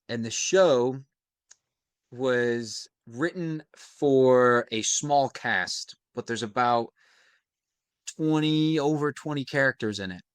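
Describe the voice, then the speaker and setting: Young American male actor, smooth clear tone, thoughtful interview guest. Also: mid-range voice, a bit bright, dry recording, studio quality. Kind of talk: casual interview.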